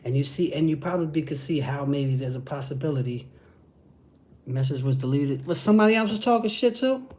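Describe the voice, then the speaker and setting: Fairly high-pitched and a little fast, with a darkish tone, this channel host from Brooklyn runs a livestream and responds to chat. His New York-accented street talk is hyped and profane, peppered nonstop with "you know what I'm saying."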